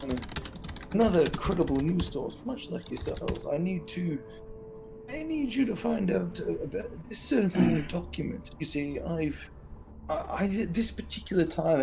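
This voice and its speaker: Halting, wheedling freelance reporter, slightly high voice; male player. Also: gravelly, noisy background.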